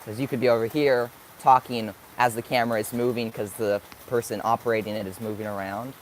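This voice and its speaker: A man's voice: mid-range voice, steady tone, fairly quick, a little hiss or hum. Upbeat teenage guy thinking aloud. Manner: thinking aloud, searching for words; upbeat, sometimes hyper. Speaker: vlogger. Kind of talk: live stream chat answering viewer questions.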